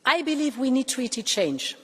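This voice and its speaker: A woman delivering a formal speech to a parliament as a political leader, measured and deliberate, pausing for emphasis. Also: high voice, very animated, fairly bright tone, slightly rough, big-room sound. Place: large parliament plenary chamber.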